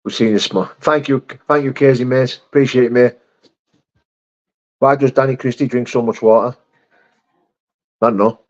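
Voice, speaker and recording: A man's voice: medium pitch, fairly even intonation, moderate pace, pauses often, a little mellow, muffled recording. Blunt man chatting on a livestream. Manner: blunt, laddish, swears, laughs often. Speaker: live stream host reading chat. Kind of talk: casual live chat.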